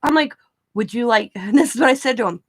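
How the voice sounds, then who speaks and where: A woman's voice: on the high side, animated, quick pace. Chatty rambling woman vlogger. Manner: rambling, chatty, laughs often, restarts sentences. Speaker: craft vlogger. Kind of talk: casual storytelling chat.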